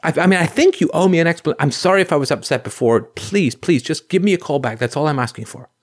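A man voicing an upset young woman leaving answering-machine messages, shrill and pleading, repeating herself. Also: fast, close to an everyday voice.

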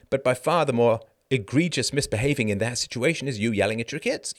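A man's voice: mid-range voice, sing-song, brisk, few pauses. Emphatic, sarcastic middle-aged man commentating. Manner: sarcastic, emphatic, voice rises sharply when indignant. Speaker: podcast host. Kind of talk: live-stream commentary reading an article.

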